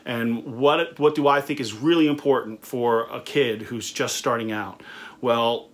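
A man's voice: medium pitch, fairly even intonation, measured pace. A middle-aged man who owns a recording studio, reviewing a budget guitar in a casual, conversational way with frequent fillers and restarts. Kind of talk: casual product review talk.

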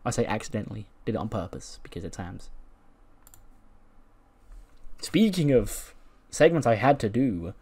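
A man's voice: lowish voice, very animated, a little fast, mellow, slightly rough. A man casually commenting on a wrestling management game, chatty and joking. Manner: chatty, laughs at his own jokes.

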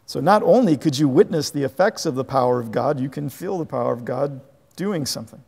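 A man preaching a sermon as a pastor, animated and conversational, chuckling at his own asides. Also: mid-range voice, brisk, creaky, long reverb tail. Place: church sanctuary.

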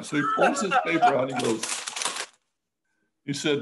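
A man, an architect, talking casually in an interview, halting with many restarts and growing lively when he tells a story. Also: medium pitch, background noise. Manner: halting, many restarts and fillers, animated when telling stories.

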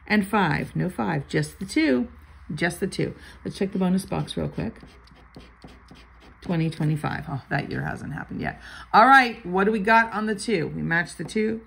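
A woman's voice: lowish voice, moderate pace, vocal fry, a bit bright, a little hiss or hum, rough recording. An older woman reading out lottery numbers and chatting playfully as she scratches tickets, sometimes muttering under her breath. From Florida. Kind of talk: casual chat while scratching tickets.

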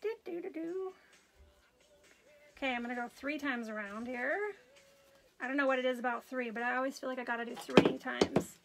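Crafting on a live stream, a talkative woman chats away fast, greeting people by name and telling stories with warm, animated energy. Her voice is high with a bright, clear edge, faint music plays behind her, and the audio is poor.

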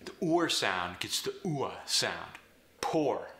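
Bright-voiced coach. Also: male voice, on the low side, lively intonation, unhurried, reverberant. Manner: clear step-by-step instruction. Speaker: accent coach. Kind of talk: instructional explanation.

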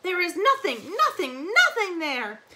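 A woman reading a novel aloud, voicing a frantic, despairing young man who wails in high, rapid, shouted bursts. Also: sing-song, full character voice. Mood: frantic wailing.

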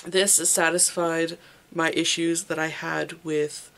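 A casual library-haul reviewer with a gravelly, fry-tinged voice. The talk stumbles along on frequent ums and restarts, and the opinions come out blunt and candid. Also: mid-range voice, level tone, takes it slowly, fairly bright tone. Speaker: book reviewer.

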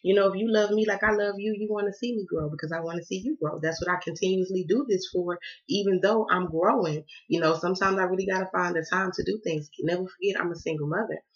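A woman's voice: on the low side, steady tone, quick pace, few pauses, highs cut off. A woman with a Southern American accent, a tarot reader chatting to her viewers, sassy and swearing freely with sing-song greetings. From Southern United States. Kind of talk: casual chatty vlog address.

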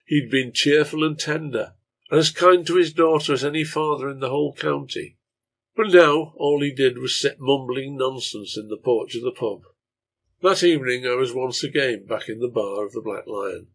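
A man narrating a translated serial novel in a measured storytelling reading. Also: mid-range voice, a bit bright, breathy edge.

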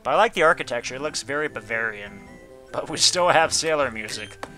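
A man's voice: medium pitch, animated, fairly quick, bright, forceful tone, faint music behind. A man giving casual gameplay commentary, reading game text aloud and adding goofy asides. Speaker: let's player.

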